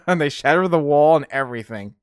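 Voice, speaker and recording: Man, podcast host, rambling casual chat, laughing, smooth, dry sound. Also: fairly high pitch, animated, fairly quick, no room sound. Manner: rambling, laughs often, many fillers.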